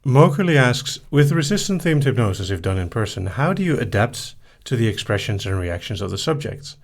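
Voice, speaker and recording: A man hosting a live hypnosis stream, casually reading viewer questions aloud and answering them in a soft, easygoing way. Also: medium pitch, very animated, moderate pace. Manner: soft-spoken, easygoing, reads each question aloud then answers briefly.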